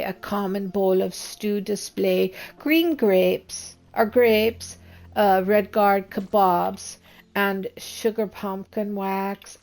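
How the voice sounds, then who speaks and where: A woman's voice: medium pitch, vocal fry, a little mellow, rough recording. A woman doing a homey, talkative elf cook. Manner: chatty, listing food offhandedly. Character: female wood elf, homey and hospitable cook. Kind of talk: tabletop-style online game role-play.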